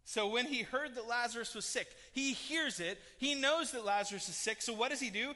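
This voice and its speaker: A man preaching a sermon as a pastor, telling the story with lively swings from loud emphasis to hushed tones. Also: very high-pitched, brisk, few pauses. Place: church hall. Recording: long hall reverb.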